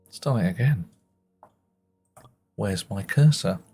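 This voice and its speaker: A man's voice: lowish voice, lively intonation, slow, darkish tone, husky, faint music behind. A man giving chatty, self-mocking commentary while playing a game on a live stream, muttering asides to himself.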